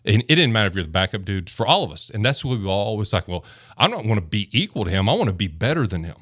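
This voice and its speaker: A man's voice: on the low side, fast talker, no echo, studio quality. A man, a former football lineman, telling stories as a guest in a casual podcast chat and acting out the quotes. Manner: animated storyteller, acts out quotes. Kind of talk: casual storytelling.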